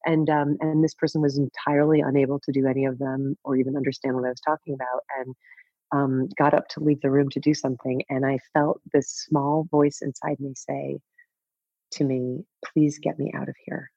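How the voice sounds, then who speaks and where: Breathy expressive woman in her fifties. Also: rumbling low, fairly quick, no echo. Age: 50s. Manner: expressive, laughs often, swears casually. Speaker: guest. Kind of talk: candid conversational storytelling. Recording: dull, dry podcast audio.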